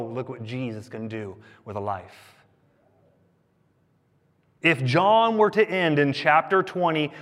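A man preaching a sermon, animated and conversational, with joking asides to the congregation. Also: on the high side. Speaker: pastor. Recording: long hall reverb.

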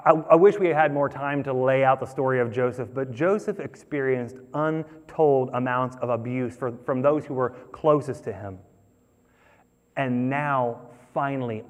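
Pastor, male, lively sermon delivery with acted-out lines, in a reverberant hall. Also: mid-range voice. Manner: animated, acts out characters' voices.

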